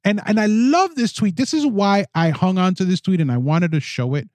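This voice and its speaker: Man, podcast host, indignant, mocking, a bit high-pitched, very dry mic. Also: moderate pace, no echo. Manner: animated, indignant, mocking put-on voices. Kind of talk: opinion podcast monologue. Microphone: studio microphone.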